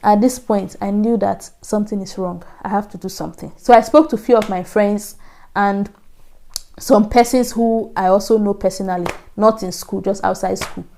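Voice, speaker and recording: Nigerian woman telling her story, mellow voice. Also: mid-range voice, steady tone, normal speed, creaky. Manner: earnest storytelling, acts out her own past thoughts in soft asides. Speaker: vlogger. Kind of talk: casual storytelling to camera.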